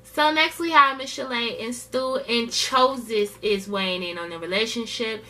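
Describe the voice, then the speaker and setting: Bright, chatty woman recapping a show. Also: on the high side, unhurried. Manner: chatty, gossipy, laughing often. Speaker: TV show reviewer.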